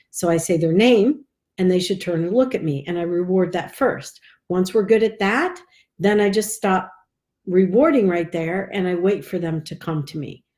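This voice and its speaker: A woman's voice: fairly low pitch, darkish tone. A woman dog trainer giving casual live advice in a chatty, rambling way with frequent fillers. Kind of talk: casual live video tip.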